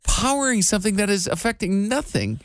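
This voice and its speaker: A man's voice: sits high, a little fast, no echo. A man in his forties co-hosting a radio show, telling stories in casual banter and acting out quotes. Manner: animated storyteller, acts out quotes.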